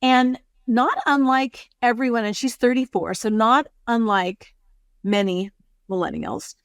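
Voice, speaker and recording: A woman in her sixties, a produce company executive, talking through her career in an unhurried, storytelling way as an interview guest. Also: fairly high pitch, clean tone, no echo, studio quality. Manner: measured, storytelling. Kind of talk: casual interview conversation.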